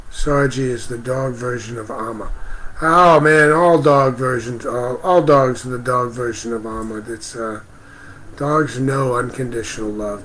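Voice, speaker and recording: A man hosting a spiritual livestream outdoors, speaking gently and greeting viewers by name. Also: mid-range voice, slight background noise, low-quality recording. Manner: slow, gentle, reads out viewer comments. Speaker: livestream host. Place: outdoors near a parking lot.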